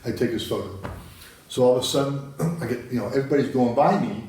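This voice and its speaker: A man's voice: medium pitch, fast talker, darkish tone, far from the mic. A man from the United States, a guest in a studio interview, telling stories casually with many restarts. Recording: very echoey, from the mic.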